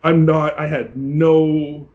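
Lively higher-voiced man retelling a contest. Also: slow, phone-quality sound. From Canada. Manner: animated storytelling, acting out quoted exchanges. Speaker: bodybuilding competitor. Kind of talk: casual interview.

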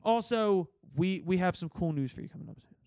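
Animated high-pitched Philly guy telling a story. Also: fairly quick, gravelly, no echo. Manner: animated storyteller, swears a lot, acts out quotes. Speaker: podcast host. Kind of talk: casual storytelling chat.

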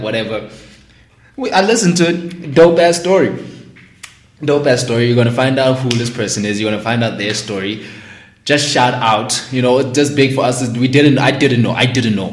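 A man's voice: mid-range voice, reverberant. A man hosting a podcast in casual, slangy chat, laughing often. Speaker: podcast host.

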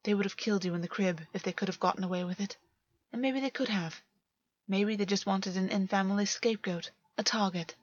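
A woman voicing a cunning, taunting male fae who speaks in a soft, mocking croon. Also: mid-range voice, lo-fi sound, close to an everyday voice.

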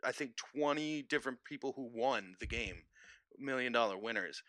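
A young man from Philadelphia talks as a podcast guest in easygoing chat, his sentences often trailing off. His voice is bright and smooth, recorded close and dry. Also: medium pitch, moderate pace, dry recording. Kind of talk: casual chat.

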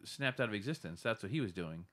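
A man's voice: on the low side, fast. A man co-hosting a podcast, chatting casually about a film and jumping in to retell scenes. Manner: animated, jumps in to retell scenes. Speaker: podcast co-host. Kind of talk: casual movie review chat.

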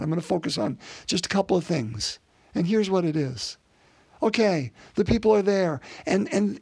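Male preacher, fairly high-pitched and raspy, earnest sermon with rhetorical questions. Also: a little mellow, dry recording.

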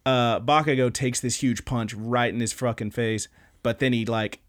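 A young man hosting a podcast, recapping anime episodes in a casual, animated way, swearing often and acting out lines. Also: medium pitch, normal speed. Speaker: podcast host.

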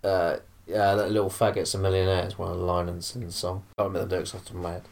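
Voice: sits low, flat delivery, racing, creaky, darkish tone. A podcast co-host in casual chat, swearing and rambling in loose run-on remarks.

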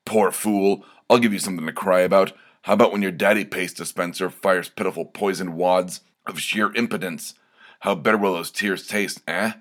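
A man's voice: low voice, fairly even intonation, normal speed, a bit bright. A man voicing a sneering, misanthropic male mad scientist who plots to wipe out humanity, with a menacing manner. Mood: gloating.

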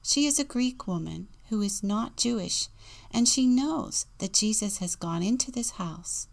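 A woman's voice: medium pitch, lively intonation, a little slow, gravelly. A woman deacon reading a children's picture book aloud, dropping into whispers for suspense and acting out the sound words.

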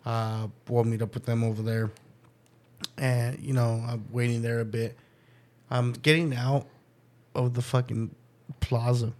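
A man's voice: medium pitch, level tone, unhurried, pauses often, darkish tone. A man hosting a casual podcast, telling a story with lots of swearing and laughter and acting out the voices of the people in it. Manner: profane, laughing, acts out quoted voices. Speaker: podcast host.

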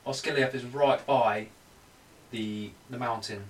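A man's voice: medium pitch, steady tone, takes it slowly, distant mic, a little hiss or hum, rough recording. A man explaining in earnest, detailed casual chat with friends.

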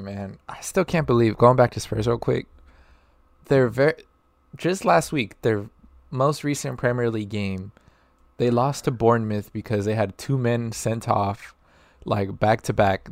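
A young man in relaxed, easygoing casual soccer chat with friends. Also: medium pitch, a little slow, no echo.

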